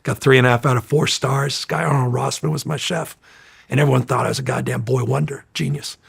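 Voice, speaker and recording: A middle-aged man telling stories in a casual interview, energetic, rambling and profane. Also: medium pitch, fast, vocal fry, husky. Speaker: interview guest.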